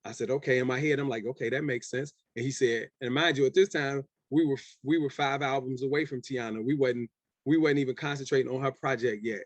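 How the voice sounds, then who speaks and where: A man's voice: medium pitch, steady tone, quick pace, no echo. A rapper in his forties telling a story in an interview, acting out both sides of an old phone call. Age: 40s. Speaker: rapper, guest.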